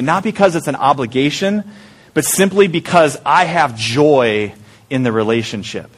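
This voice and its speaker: Male pastor, conversational sermon, slightly high pitch, rhetorical questions to the room. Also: normal speed.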